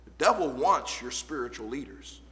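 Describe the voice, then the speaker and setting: A man preaching an evening church sermon as pastor, reading old scripture aloud and building to shouted points. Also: medium pitch, lively intonation, moderate pace, in a large hall. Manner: reads old-fashioned scripture verses aloud. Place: church sanctuary.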